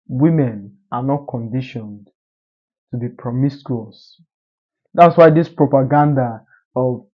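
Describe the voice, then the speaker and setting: A man's voice: medium pitch, slow pace. A man giving an assertive, emphatic motivational monologue in a lecturing manner. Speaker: social media commentator. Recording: dull lo-fi recording.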